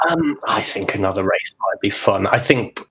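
A man's voice: on the low side, normal speed, a bit bright, slightly rough. A man playing in a tabletop game, chatting casually over a voice call, thoughtful and hedging his ideas. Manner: thoughtful, hedging with "kind of" and "necessarily". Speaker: player. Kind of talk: casual chat planning a role-playing game.

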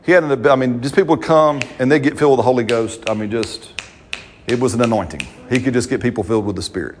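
A man's voice: medium pitch, quick pace, a little hiss or hum. A man, preaching a sermon as pastor, talking to the congregation in a conversational way and often checking in with "right?".

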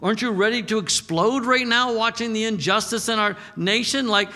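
Older preacher with bright, echoing voice. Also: male voice, high voice, normal speed. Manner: impassioned preaching mixed with folksy storytelling. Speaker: pastor. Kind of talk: sermon.

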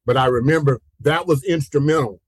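A man's voice: on the high side, brisk, breathy edge, dry recording, poor audio. A pastor of around sixty, a man, telling personal stories in an interview, acting out the voices he quotes, laughing often and repeating "you know". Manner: animated, acts out quoted voices, laughs often mid-story; repeats himself, peppers talk with "you know". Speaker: pastor and guest. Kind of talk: storytelling in a conversational interview.

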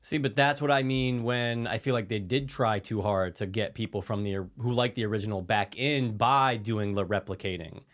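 A man's voice: fairly low pitch, moderate pace, hardly any pauses. Laid-back, meandering man co-host. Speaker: podcast co-host. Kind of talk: casual movie discussion.

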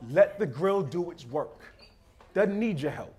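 Animated, high-voiced male preacher. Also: measured pace, breathy edge. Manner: emphatic, conversational, addresses listeners as beloved. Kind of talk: sermon.

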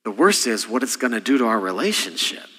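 A middle-aged man preaching a sermon as senior pastor, impassioned, with sudden soft drops. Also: mid-range voice, sing-song, brisk, slightly rough, long reverb tail.

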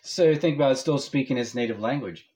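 A man's voice: mid-range voice, fairly quick, darkish tone. A man co-hosting a podcast in casual chat, rambling and hesitant with many restarts. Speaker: podcast co-host.

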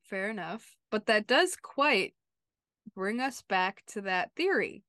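A woman co-hosting a podcast, talking in an easy, emphatic way and peppering her sentences with filler words. Her voice sits in a middle pitch, and the recording is dry, with no room sound. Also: lively intonation, takes it slowly, sharp tone, no room sound. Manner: chatty and emphatic, lots of "like" and "you know". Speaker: podcast co-host. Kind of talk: casual chat.

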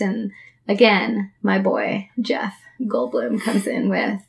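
A woman's voice: medium pitch, steady tone, slow, creaky, a bit bright. A woman co-hosting a podcast, chatting casually and rambling with fillers, laughing often. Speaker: podcast co-host. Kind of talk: casual chat.

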